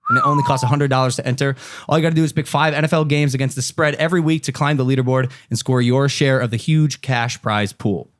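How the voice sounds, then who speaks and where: A man's voice: mid-range voice, huge pitch swings, quick pace, a little hiss or hum. A man co-hosting a podcast who is sick, joking loosely and reading an ad in a hyped-up voice. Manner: joking, loose, reads ad in hype voice. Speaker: podcast co-host. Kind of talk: casual podcast banter and ad read.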